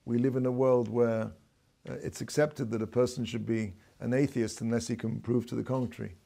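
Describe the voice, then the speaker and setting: A man, a rabbi, giving an explanatory lecture. He talks deliberately, stops to explain terms and corrects himself as he goes. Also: medium pitch, flat delivery, vocal fry, dark tone. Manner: reads out quoted passages in a raised voice. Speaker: rabbi teaching a class.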